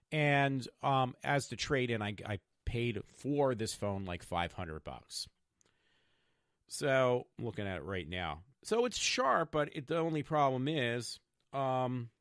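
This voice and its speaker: A man's voice: fairly low pitch, dry recording, studio quality. Rambling man in his fifties. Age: 50s. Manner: meandering, stop-start, many fillers and restarts. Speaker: podcast host. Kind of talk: rambling personal vlog.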